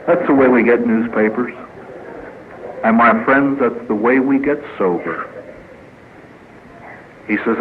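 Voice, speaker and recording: This priest takes it slowly, leaving long pauses in his mid-range voice as he gives a humorous speaker-meeting talk at a recovery gathering. His folksy storytelling includes jokes and acted quotes for a live audience in a meeting hall. The audio is narrow and tinny with slight background noise.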